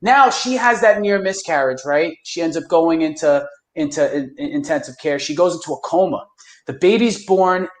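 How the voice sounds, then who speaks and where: A man hosting a casual movie review podcast, excitable and swearing, acting out lines from the films. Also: on the high side, moderate pace, reverberant. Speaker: podcast host.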